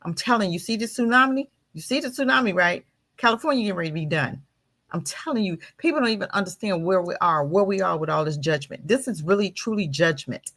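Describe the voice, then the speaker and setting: A woman's voice: fairly low pitch, animated, fast talker, a bit bright. Fiery preaching woman on a talk show. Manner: fiery, preaching, rhetorical questions. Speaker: guest. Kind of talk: impassioned commentary.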